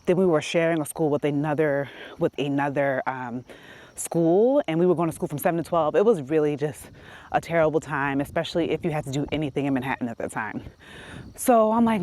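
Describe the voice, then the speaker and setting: Low-pitched, expressive and fairly quick with a touch of mellowness, this woman from New York City narrates a story in her casual beauty vlog. She walks a quiet country road, a little short of breath, laughing as she acts out what people said.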